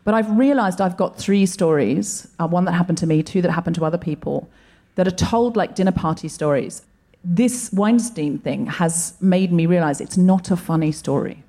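Woman podcast host, lower warm voice, earnest and thoughtful, telling stories to a live crowd. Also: normal speed. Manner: earnest, reflective storytelling. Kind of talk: live comedy podcast monologue. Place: live theatre stage with an audience.

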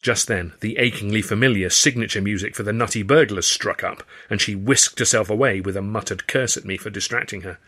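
Low, bright-toned man reading his novel. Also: a little fast, few pauses, slightly rough. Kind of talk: first-person audiobook narration.

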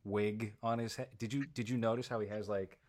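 Lowish-voiced guy ranting about a movie, sarcastic and opinionated, chatty. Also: steady tone, brisk, a little mellow. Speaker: podcast host. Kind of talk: casual movie review chat.

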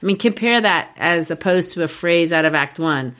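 A woman's voice: fairly low pitch, lively intonation, moderate pace, hardly any pauses, fairly bright tone. A woman co-hosting a podcast, explaining a play and tapping out its rhythms aloud, laughing easily. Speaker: podcast co-host. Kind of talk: casual literary discussion.

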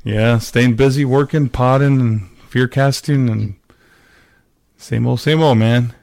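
A man's voice: mid-range voice, fairly even intonation, takes it slowly, creaky, darkish tone, dry recording, clean studio sound. A man hosting a podcast, chatting loosely with many fillers and a ready laugh. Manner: easygoing, filler-heavy, laughs often. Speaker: podcast host. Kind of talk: casual chat.

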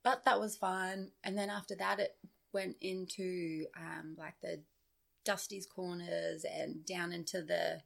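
A woman telling a story as a podcast guest, animated and full of "like". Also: fairly low pitch, unhurried, creaky. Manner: animated, with frequent filler "like". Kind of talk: casual storytelling chat.

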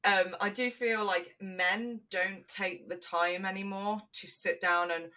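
Bright, slow-talking young woman, set back from the mic. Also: medium pitch, steady tone, recorded from a distance. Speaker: podcast co-host. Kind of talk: casual chat.

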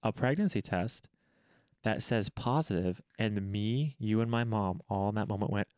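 A man's voice: lowish voice, moderate pace, darkish tone, dry recording. A young man co-hosting a podcast, telling a story in a laid-back way and chiming in with dramatic quotes. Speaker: podcast co-host. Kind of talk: casual storytelling.

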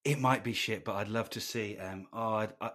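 A man's voice: fairly low pitch, fairly even intonation, normal speed, a bit bright. A man co-hosting a casual podcast, talking eagerly with many restarts and fillers. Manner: enthusiastic, hesitant restarts. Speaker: podcast co-host. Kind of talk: casual chat.

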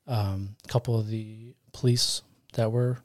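A man's voice: lowish voice, fairly even intonation, measured pace, no room sound, clean studio sound. A man co-hosting a podcast, retelling a story in a casual, rambling way, correcting himself and joking as he goes. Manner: rambling, self-correcting, jokey. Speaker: podcast co-host. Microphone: studio podcast mic.

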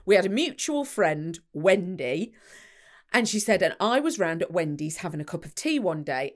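A woman co-hosting a podcast, rambling through anecdotes with lots of fillers and little acted-out voices. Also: lowish voice. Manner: chatty, rambling, many fillers, acts out voices. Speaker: podcast co-host. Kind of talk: casual chat, storytelling.

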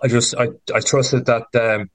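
A man's voice: medium pitch, flat delivery, moderate pace, dry recording, low-quality recording. A man in his thirties with an Irish accent, a rugby player talking through his games in a casual podcast interview, rambling with many fillers.

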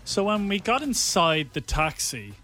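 A man's voice: high voice, sing-song, a little slow, sharp tone, soft background music. A man, co-hosting a radio show podcast and bantering in a playful, teasing way. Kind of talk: casual chat.

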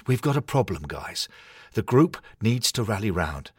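A man's voice: on the low side, very animated, moderate pace, slightly rough, dry recording, clean studio sound, pitched above the performer's own voice. A man voicing an anxious male cuddly hornet mascot toy who pleads and grumbles. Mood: worried. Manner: fretful, pleading, exasperated.

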